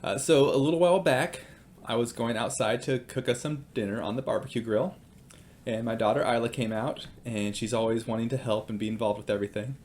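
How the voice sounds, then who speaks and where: A man's voice: mid-range voice, fairly quick, a little mellow. A man in his thirties giving a casual devotional talk, telling stories about his children in a conversational way with fillers. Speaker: Christian speaker.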